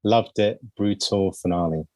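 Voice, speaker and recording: A man's voice: fairly low pitch, unhurried, darkish tone. A man hosting a film podcast in casual chat, full of fillers, restarts and laughter. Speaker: podcast host.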